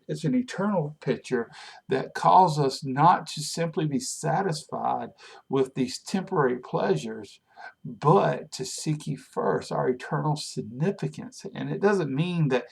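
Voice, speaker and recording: Guy pastor doing a quick devotional, kinda raspy fry in the voice, talks casual and earnest. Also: medium pitch. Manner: earnest, conversational preaching with fillers. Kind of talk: short devotional sermon.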